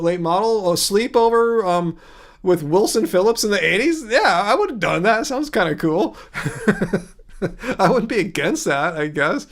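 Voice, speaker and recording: A man's voice: sits high, expressive, measured pace. A man hosting a casual livestream, answering viewer comments in a rambling way with frequent restarts and chuckles. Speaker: livestream host.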